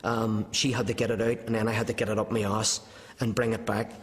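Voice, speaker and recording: Northern irish bloke, quick and blunt, fairly low flat voice, bit of room echo. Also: male voice. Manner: brisk, blunt anecdote telling. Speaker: former prisoner interviewee. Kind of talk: documentary interview recollection. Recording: reverberant room.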